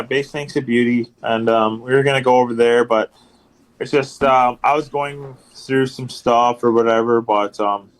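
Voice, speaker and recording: A man guest on a podcast, telling casual stories in a rambling way, full of ums and repeated phrases. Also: medium pitch. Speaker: podcast guest, hockey enforcer. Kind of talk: casual storytelling chat.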